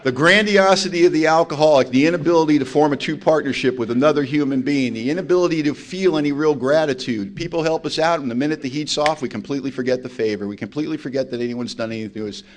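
A man's voice: fairly high pitch, quick pace, few pauses. A man speaking at a recovery meeting, telling his story in a blunt, emphatic and self-mocking way. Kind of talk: personal testimony talk.

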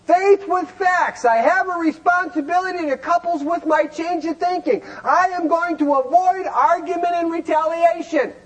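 High-voiced folksy man teaching a group. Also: moderate pace, hardly any pauses, a bit bright, rough recording. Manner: folksy, emphatic, rhetorical questions. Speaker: recovery meeting speaker. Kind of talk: animated teaching talk.

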